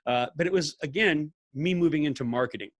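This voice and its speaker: An older man, a podcast guest telling stories in an animated way, laughing and acting out what people said. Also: a little high, fairly quick, no echo. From California. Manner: animated storyteller, laughs often, acts out quotes. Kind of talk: casual storytelling interview.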